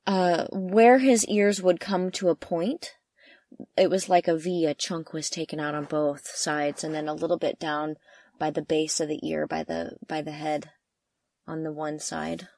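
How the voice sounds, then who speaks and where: A young woman tells a travel story from the close, dead quiet of a camper van. She is chatty and excitable, piling on fillers and leaping into a high voice whenever she acts out what she said. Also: measured pace, vocal fry, no echo. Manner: animated, lots of fillers, jumps high when quoting herself. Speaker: travel vlogger. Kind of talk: casual storytelling chat. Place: inside a parked camper van.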